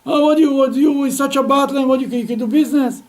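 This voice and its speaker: A man's voice: very high voice, fairly even intonation, very fast, voice pushed up. A man doing a jeering, scornful businessman. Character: mocking male businessman at an inn.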